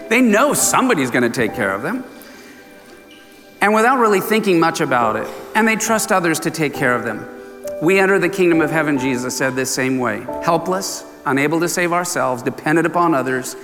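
A man preaching a sermon in a church, animated and often laughing, acting out the voices of people in his story. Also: fairly high pitch, fairly quick, in a large hall, over music. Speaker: pastor.

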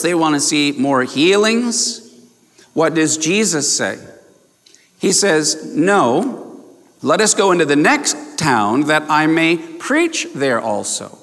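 A man's voice: fairly high pitch, big pitch swings, slow pace, fairly bright tone. A man preaching a sermon, stressing and repeating key phrases and putting questions to his congregation. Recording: long hall reverb.

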